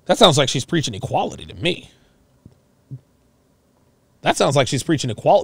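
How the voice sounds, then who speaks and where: A man streaming live commentary over a clip, animated and incredulous, mocking what he hears and reading chat messages aloud. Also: on the high side, moderate pace, long pauses, slightly rough, no room sound.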